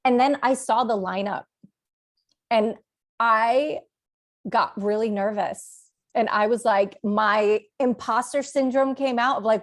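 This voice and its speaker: A woman hosting a wellness podcast, enthusiastic and quick to praise her guest. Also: on the high side. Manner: enthusiastic, gushing, quick bursts. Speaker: podcast host. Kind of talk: podcast interview.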